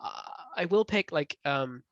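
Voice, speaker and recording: A man co-hosting a casual book club review, talking in an animated way with frequent laughs. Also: fairly high pitch, measured pace, no echo, muffled recording. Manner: animated, laughs often, rises loud when ranting.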